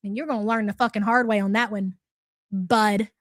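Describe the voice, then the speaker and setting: A woman's voice: mid-range voice, fairly even intonation, moderate pace, a little hiss or hum. A woman hosting a livestream, ranting aggressively with heavy swearing and sarcasm. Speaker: livestream commentary host. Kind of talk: profane livestream rant.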